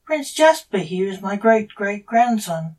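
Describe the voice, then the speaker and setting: A genial old emperor of a storybook universe, as a woman reads him. He speaks slowly and warmly pleased, his voice pitched a bit above the reader's own. The sound is a little distant from the mic. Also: sing-song.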